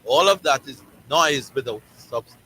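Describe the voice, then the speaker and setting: Jamaican man, sports talk host, bright forceful tone, hammers his points home with repetition. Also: medium pitch, lively intonation, normal speed, slight background noise, rough recording. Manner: emphatic, repeats words and phrases for stress.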